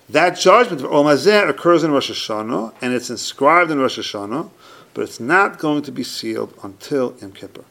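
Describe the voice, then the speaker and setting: Lively, gravelly man teaching a Torah class. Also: mid-range voice. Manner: emphatic, repeats points, asks and answers his own questions.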